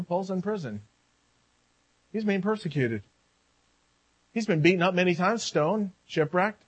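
A man preaching a sermon, animated, swinging between loud and quiet and acting out quoted voices. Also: sits high, breathy edge. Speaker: pastor.

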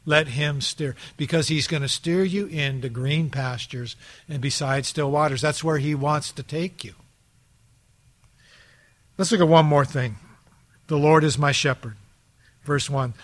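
A male pastor delivering a sermon in a fairly high voice. He speaks earnestly and keeps turning to his congregation with rhetorical questions.

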